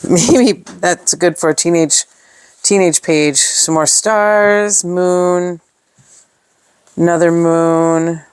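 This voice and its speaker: A woman's voice: fairly low pitch, steady tone, takes it slowly, darkish tone, smooth, dry recording. A woman chatting through an unboxing of scrapbooking supplies, gushing over each piece and thinking aloud with fillers. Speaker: scrapbooking product reviewer. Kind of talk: casual unboxing show-and-tell.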